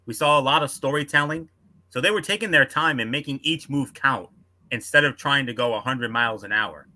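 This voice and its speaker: Bright, emphatic male co-host. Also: mid-range voice, fairly quick. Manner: emphatic, asks rhetorical questions. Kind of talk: wrestling recap chat.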